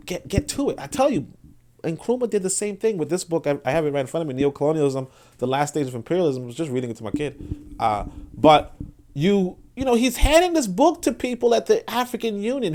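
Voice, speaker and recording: A man hosting his own show, giving loose commentary as he reads from a shared screen. He swings between low muttering and loud, emphatic bursts, with frequent restarts and repeated words. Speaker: host. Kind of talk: livestream commentary while reading from a shared screen.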